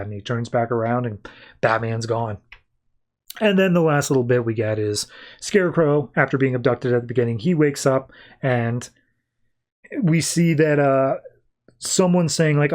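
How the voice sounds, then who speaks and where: A man's voice: medium pitch, moderate pace, long pauses, darkish tone. A man hosting a podcast, chatty as he recaps comics scene by scene. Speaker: podcast host. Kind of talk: casual comic book recap.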